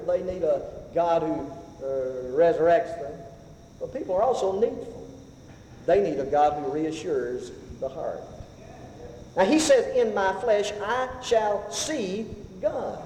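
A man preaching a sermon, swinging between loud rising passages and hushed, slow whispers. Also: high-pitched, slight background noise. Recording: echoey hall, faint ambience.

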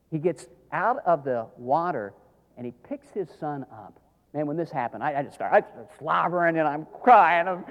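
A middle-aged man, preaching a sermon as a pastor, telling stories dramatically and swinging from hushed tones to shouts. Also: mid-range voice, muffled recording. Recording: long hall reverb.

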